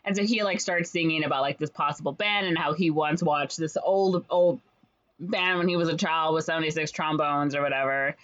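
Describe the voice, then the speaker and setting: A woman casually retelling a story's plot in a rambling way, full of fillers and quick quoted voices. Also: low voice, fairly even intonation, fairly bright tone. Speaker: podcast co-host retelling a musical's plot. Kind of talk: casual chat. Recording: slightly dull lo-fi audio.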